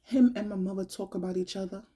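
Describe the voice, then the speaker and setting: A young adult woman talks slowly and from the heart in a personal monologue. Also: mid-range voice, fairly even intonation, dark tone, slightly rough. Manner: slow, heartfelt, colloquial and conversational. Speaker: vlogger.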